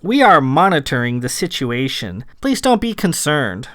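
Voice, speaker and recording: A man's voice: on the high side, very animated, moderate pace, fairly bright tone, dry recording. A man reading a droll, impatient lord. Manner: droll, clipped, bureaucratic. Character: cool, impatient male lord official.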